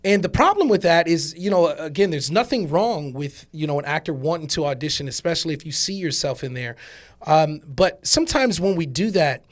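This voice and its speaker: Man hosting a chat, halting delivery. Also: a little high, lively intonation. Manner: halting, repeats words and uses many fillers. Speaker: podcast host. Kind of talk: casual chat.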